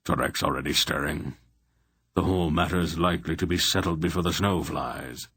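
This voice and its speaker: A man voicing a calm, wry old male sorcerer in an audiobook, speaking in an unhurried way. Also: a bass voice, breathy edge, full character voice.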